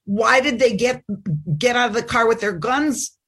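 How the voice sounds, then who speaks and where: A middle-aged woman telling a personal story as a guest, halting and full of restarts. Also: on the high side, fairly bright tone, husky. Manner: halting, with many restarts and fillers. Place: Chicago.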